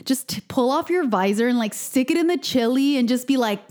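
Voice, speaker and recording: A young woman in casual chat, talking quickly with many fillers and laughs. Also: high voice, expressive, a little mellow. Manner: chatty, filler-heavy, laughing.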